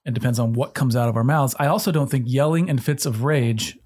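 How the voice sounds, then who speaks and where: A man co-hosts a conversational show, earnest and measured, working his thoughts out aloud with small restarts. His voice has a husky, slightly breathy grain at an ordinary middle pitch. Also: a little mellow. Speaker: podcast co-host. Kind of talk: conversational discussion.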